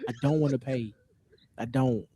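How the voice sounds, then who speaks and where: A man's voice: mid-range voice, normal speed, mellow. A man co-hosting a podcast, ranting in casual chat and repeating himself. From St. Louis area. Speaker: podcast co-host.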